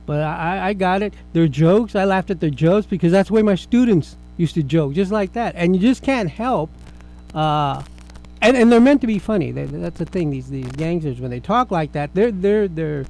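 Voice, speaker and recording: A man's voice: sits high, lively intonation, moderate pace, creaky, darkish tone, rough recording. A middle-aged man hosting a casual film review chat, rambling and restarting his sentences as he talks. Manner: chatty, rambling, with frequent restarts. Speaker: film review show host.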